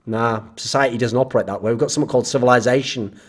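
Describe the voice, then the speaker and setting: Sarcastic, husky-voiced male commentator. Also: medium pitch, steady tone, very fast. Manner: sarcastic, exasperated, swears freely. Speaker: esports commentator and channel host. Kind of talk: ranting commentary on viewer comments.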